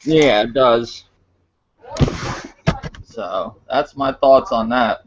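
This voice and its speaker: A man with a mid-pitched voice rambles through casual podcast chat, leaning on fillers. The recording is muffled and lo-fi. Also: drawn-out words. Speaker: podcast co-host. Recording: muffled lo-fi audio.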